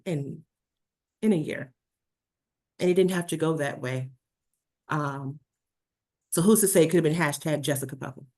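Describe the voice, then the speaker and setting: A woman speaking on a video call, telling a personal story in a talk, animated and full of fillers and restarts. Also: extremely low pitch. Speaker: speaker presenting slides.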